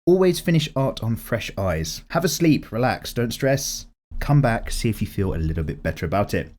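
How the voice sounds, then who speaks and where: A man's voice: mid-range voice, normal speed. A man in his thirties hosting an art channel, chatting casually through viewer comments with a slightly strained, cracking voice and free swearing. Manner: chatty and lively, swears freely. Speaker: YouTube art channel host.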